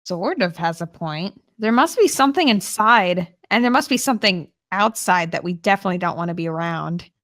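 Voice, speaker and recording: A woman player in a tabletop role-playing game, trading wry quick retorts. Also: fairly low pitch, lively intonation, a bit bright. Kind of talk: casual tabletop play.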